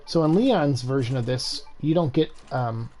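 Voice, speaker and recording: A man's voice: medium pitch, lively intonation, normal speed, warm tone. A man giving casual, chatty let's-play commentary as he plays, swearing and laughing along. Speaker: gameplay commentator.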